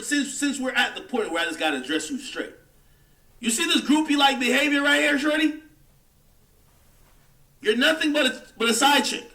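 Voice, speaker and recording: A man's voice: very high voice, pushed and bright, echoey room, far from the mic. A man hosting a livestream, delivering a heated, mocking rant in casual commentary. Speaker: livestream host.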